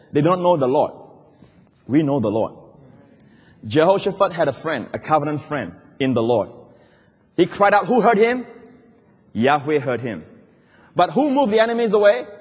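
A man preaching a sermon as pastor, swinging from loud cries down to low, quiet asides. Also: very animated, normal speed, long pauses, breathy edge. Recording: long hall reverb.

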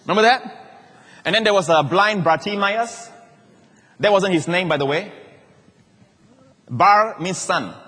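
A male pastor, preaching a lively sermon with jokes and sudden shouted quotes. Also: high voice, unhurried, pauses often, big-room sound.

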